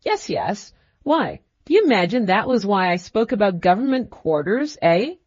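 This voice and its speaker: A woman's voice: mid-range voice, big pitch swings, moderate pace, a little mellow, no room sound, dull audio. A woman voicing a crafty, fussy middle-aged male magistrate who talks in a cackling, ingratiating way. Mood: sly.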